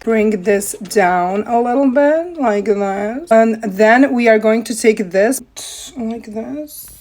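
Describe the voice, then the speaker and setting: A young woman with a hoarse, rough voice from a cold, chatting playfully through a makeup tutorial. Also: takes it slowly, a little mellow, slight background noise. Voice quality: deep, rough voice. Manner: playful, self-mocking, chatty. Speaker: makeup vlogger. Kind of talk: casual makeup tutorial chat.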